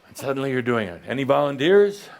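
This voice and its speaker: Man, mid pitch, very animated delivery, jokey stage-teacher type working a live crowd. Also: quick pace, gravelly. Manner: playful, joking and dramatic, with many asides. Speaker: spiritual teacher channeling to a live audience. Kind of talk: theatrical live talk to an audience.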